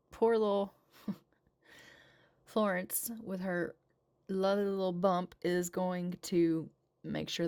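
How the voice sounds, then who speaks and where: A woman's voice: on the low side, a little mellow. Chatty woman narrating a life-sim game. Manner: chatty, narrates and coos at her game characters. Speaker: gaming channel host. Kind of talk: casual gameplay voice-over. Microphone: home voice-over mic.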